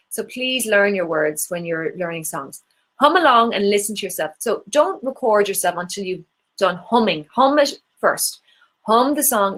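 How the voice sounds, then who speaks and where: A woman's voice: mid-range voice, fairly bright tone. A woman with an Irish accent teaching an online singing workshop, encouraging and demonstrating vocal exercises. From Ireland.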